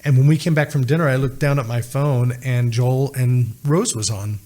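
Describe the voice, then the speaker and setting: A man's voice: medium pitch, fairly even intonation, moderate pace, mellow. A middle-aged man telling a personal story as a podcast guest, acting out the voices of the people he quotes.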